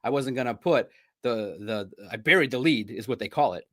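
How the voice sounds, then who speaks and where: A man's voice: mid-range voice, moderate pace, a bit bright. A middle-aged man hosting a sports podcast in a casual monologue, boastful and trash-talking, repeating himself for emphasis. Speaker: sports podcast host and reporter.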